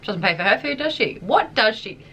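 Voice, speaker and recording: A woman's voice: medium pitch, very animated, noisy background. Giggly woman bantering on a podcast. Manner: giggly, playful, fast banter. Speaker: podcast co-host. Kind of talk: casual chat.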